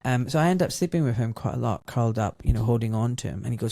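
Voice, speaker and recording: A middle-aged man with a gravelly, mellow voice talks on a podcast, recorded close and dry. He tells his story in an emotional, reflective way. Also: mid-range voice, animated, quick pace, no room sound. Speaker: podcast host. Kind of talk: conversational interview.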